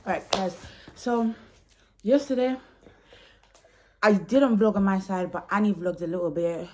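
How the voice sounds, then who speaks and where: A woman's voice: medium pitch, a little slow, darkish tone. A woman of 21 chatting casually and playfully to camera in a vlog. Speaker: vlogger, birthday girl.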